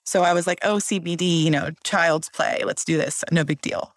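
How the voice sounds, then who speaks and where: A woman telling a story in casual chat as a guest, animated and acting out voices. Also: lowish voice, normal speed, no room sound. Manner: animated, acts out voices in her stories.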